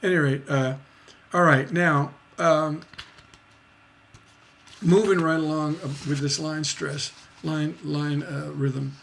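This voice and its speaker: A man with a gravelly, slightly high voice gives a live-streamed songwriting lesson. He talks slowly and rambles, filling pauses with ums and asking "right?" as he goes. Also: fairly even intonation, a bit bright, a little hiss or hum. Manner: chatty, rambling, many fillers and tag questions. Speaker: songwriting teacher.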